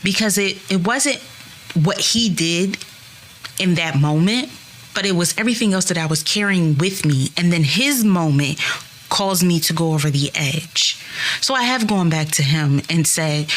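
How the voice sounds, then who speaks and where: A woman's voice: lowish voice, animated, a little slow, slight background noise. A woman in her thirties hosting a solo podcast, speaking earnestly and reassuringly straight to her listeners. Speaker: podcast host.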